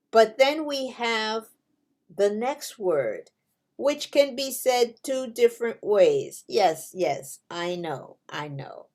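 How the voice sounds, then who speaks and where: Very slow, patient woman teaching English. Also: medium pitch, a little mellow. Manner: drawn-out, carefully spaced delivery with examples.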